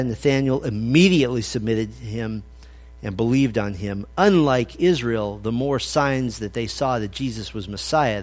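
A fairly high-voiced man delivers an expository sermon. He talks conversationally, then leans hard into quoted scripture for emphasis. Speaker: pastor.

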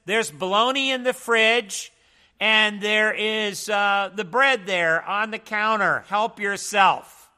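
A man's voice: sits high, slow, pushed and bright, clean tone, voice pushed up, full character voice. A man briefly voicing a young wife who casually brushes off a dinner question. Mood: offhand. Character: offhand young wife calling down from upstairs.

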